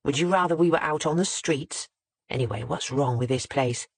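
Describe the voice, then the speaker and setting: Irritable husband, whining and growly, read by the audiobook narrator. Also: male voice, fairly high pitch, sing-song, unhurried, slightly rough, dry recording, full character voice. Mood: angry.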